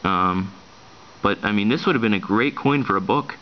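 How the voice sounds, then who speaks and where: A man casually showing off his coin finds in a vlog, talking in a hesitant, rushed way with lots of ums and restarts. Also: lowish voice, dull audio. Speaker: coin collector vlogger. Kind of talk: casual show-and-tell vlog.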